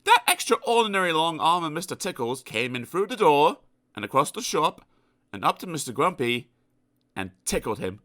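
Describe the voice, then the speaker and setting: Animated man reading a children's story. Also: a little high, normal speed. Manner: animated, playful asides to the listener. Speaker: audiobook narrator.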